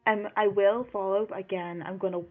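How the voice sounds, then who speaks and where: A woman's voice: mid-range voice, fairly even intonation, brisk. Blunt, foul-mouthed female player; tinny phone-like audio. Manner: blunt, swears freely. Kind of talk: casual play at a tabletop game.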